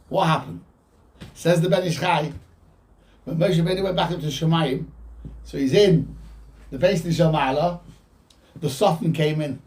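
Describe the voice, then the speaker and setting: Rabbi, animated, heard from afar. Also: male voice, high voice, moderate pace, long pauses. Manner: animated, quotes Hebrew texts then explains in English. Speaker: rabbi teaching a Torah class. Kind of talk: informal Torah lecture. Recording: voice from a distance from the mic.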